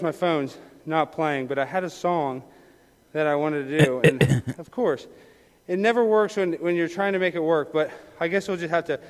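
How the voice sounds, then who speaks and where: A man giving a mock public comment at a meeting, rambling breathlessly and then freestyle rapping and shouting rhymes into a podium mic. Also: high voice. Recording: echoey hall with long reverb.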